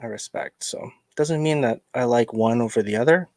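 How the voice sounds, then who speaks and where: A man's voice: mid-range voice, normal speed, a little mellow, no echo. A man hosting a casual livestreamed podcast, chatting and joking, greeting viewers with plenty of fillers. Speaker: podcast host.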